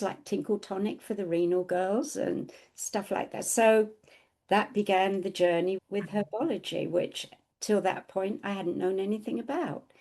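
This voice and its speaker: A middle-aged woman co-hosting a podcast, telling a personal story in a casual, animated way and acting out the quoted dialogue. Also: mid-range voice, moderate pace.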